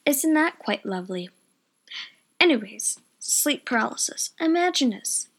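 A young woman tells a story in a chatty, wandering way, often losing her thread. Her voice sits high. She talks casually from her bedroom at home. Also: sing-song, measured pace, vocal fry, fairly bright tone, breathy edge. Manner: rambling, chatty, loses her train of thought. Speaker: vlogger.

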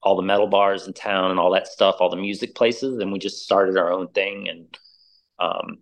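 A middle-aged man telling a band story in casual chat, animated and acting out the voices of the people in it. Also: low voice, moderate pace. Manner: animated storyteller, acts out quoted voices, says "like" and "dude" a lot. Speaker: interview guest, musician.

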